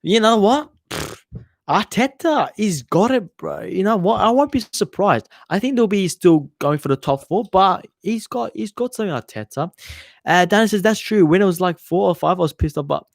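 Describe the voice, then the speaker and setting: A man's voice: high-pitched, animated, normal speed, vocal fry, dry recording, clean studio sound. A young man hosting a casual football livestream, rambling and swearing as he reads viewer comments. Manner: chatty and rambling, swears freely, trails off mid-sentence. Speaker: football channel host.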